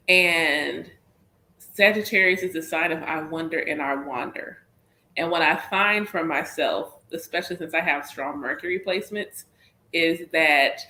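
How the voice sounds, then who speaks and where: This woman's voice is on the low side with a fairly bright tone, carrying a Southern US accent. Livestreaming as a spiritual reader, she chats casually in loose, repetitive circles and keeps calling her listeners y'all. There's a roomy echo to the sound.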